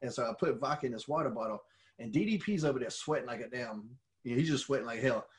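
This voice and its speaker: A middle-aged man telling stories in casual chat, animated and swearing freely. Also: mid-range voice, quick pace. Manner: animated storyteller who swears freely and laughs at his own stories. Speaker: podcast co-host and former wrestler.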